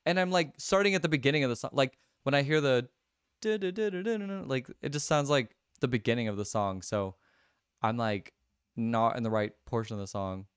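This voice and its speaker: A man's voice: medium pitch, fairly even intonation, fairly quick, clear, resonant tone, no echo, clean studio sound. A young man livestreaming a music quiz, chatting casually, laughing often and answering viewers by name. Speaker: livestreamer and singer.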